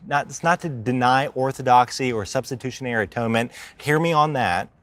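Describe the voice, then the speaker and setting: A man preaching in an easy, conversational way, sometimes dropping his voice low and slowing right down to press a point home. He has a mid-pitched voice recorded close and dry. He talks to the congregation the way you would talk to friends. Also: no echo. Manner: conversational preaching, acts out quoted complainers, slows for emphasis. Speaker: life group minister preaching. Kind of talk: sermon.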